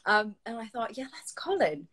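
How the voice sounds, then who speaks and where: A woman's voice: a little high, very animated, moderate pace, a bit bright. A woman hosting a casual interview chat, enthusiastic and gushing, laughing often between questions. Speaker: host.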